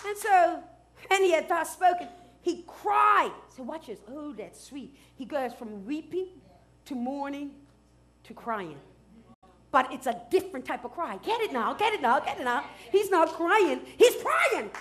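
A woman pastor preaching a sermon, dropping to hushed asides and rising to loud shouts, with features. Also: high voice, expressive, unhurried. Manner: swings from hushed asides to loud shouted declarations, laughs often.

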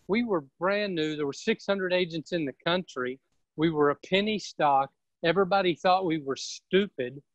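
A man, a real estate team leader, giving an energetic and emphatic motivational seminar talk. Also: a little high, dry recording, muffled recording.

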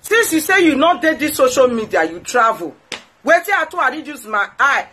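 A woman's voice: high-pitched, very animated, normal speed, bright, forceful tone, slight background noise. A woman with a Nigerian Pidgin accent, hosting her own show and scolding someone in an indignant rant, repeating phrases for emphasis. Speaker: host. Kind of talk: ranting monologue to followers.

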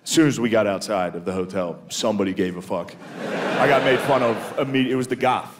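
Speaking quickly in a fairly low voice, this American comic works the stage in a relaxed, casual style and laughs at his own jokes. Heavy background noise surrounds him, with the room echoing and the crowd roaring with laughter.

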